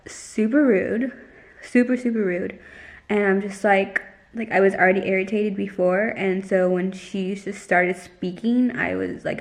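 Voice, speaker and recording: A woman's voice: medium pitch, creaky. A young woman vlogging casually, telling a story in a chatty way with lots of "like" and acting out the lines of others. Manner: chatty, heavy use of "like", retells dialogue.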